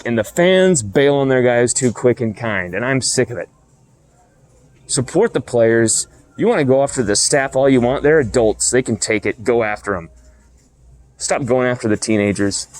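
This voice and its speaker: A man with a middle-pitched voice hosts an opinionated sports commentary. He talks bluntly and heatedly, with casual profanity, and keeps repeating his points to drive them home.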